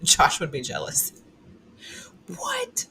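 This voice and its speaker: A woman co-hosts a live podcast, chiming in with short, quiet, dry replies. Her voice has a faint steady hiss behind it. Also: sits low, normal speed, rough recording. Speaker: podcast co-host. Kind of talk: casual live-stream chat.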